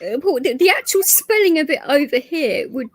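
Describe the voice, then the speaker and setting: A woman's voice: high-pitched, sing-song, normal speed, no echo. A woman hosting a casual chat, teasing her guests, swearing freely and laughing often.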